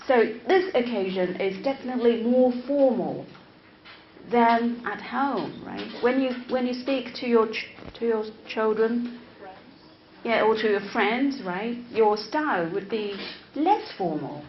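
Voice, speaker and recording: A woman's voice: a little high, expressive. A woman professor whose first language is Chinese gives a classroom lecture to teachers, often repeating words and checking in with "right?". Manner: slow, deliberate, interactive with the audience. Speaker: English teacher-educator, professor. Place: lecture room. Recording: echoey, slightly dull room recording with faint noise.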